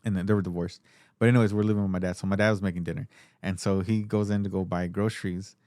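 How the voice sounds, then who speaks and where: A man with a somewhat low voice hosts a casual podcast chat and spins long, profane stories about his family, breaking into laughter along the way. The sound is close and dry, with no room around it. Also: fairly even intonation, fast talker, darkish tone, no room sound. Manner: profane, rambling anecdotes with frequent laughter. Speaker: podcast host.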